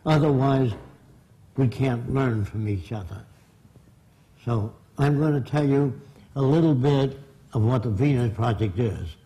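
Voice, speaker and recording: A man lecturing an audience with a mellow, darker tone. He speaks bluntly and emphatically, driving each point home. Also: mid-range voice, a little slow, pauses often, poor audio. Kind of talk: public lecture.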